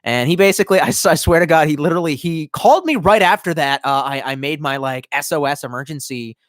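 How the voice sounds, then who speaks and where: Animated, foul-mouthed young man streaming. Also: a little high, fast, dry recording, clean studio sound. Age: young adult. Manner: profane, animated, rambling. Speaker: live streamer. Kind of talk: casual rant to live chat.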